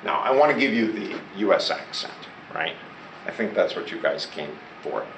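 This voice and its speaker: A man with a low, sing-song voice teaches a class at normal speed, prompting students to repeat words and answer his questions. The classroom lesson was recorded from far off in an echoey room with loud background noise.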